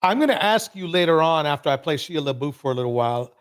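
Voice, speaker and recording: A man hosts a casual live stream, teasing and talking straight to his listeners. His voice sits on the higher side for a man. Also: expressive, fast, clear, resonant tone. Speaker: livestream host.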